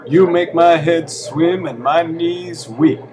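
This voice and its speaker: A man's voice: fairly high pitch, takes it slowly, crowd noise, voice pushed up. A man voicing an earnest adult man in a bar, reciting cheesy pickup lines in a stiff, rehearsed way.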